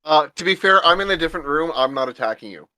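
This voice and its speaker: A man playing in an online tabletop game, talking in an excitable, mock-indignant way. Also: on the high side, fast. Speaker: player. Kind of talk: casual chat over a voice call.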